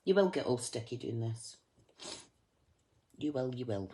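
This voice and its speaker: A woman's voice: a bass voice, expressive, measured pace, dark tone. A Scottish woman chatting casually to live viewers as she demonstrates a craft project, joking at her own expense as she works. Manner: chatty, self-mocking, talks to viewers while working.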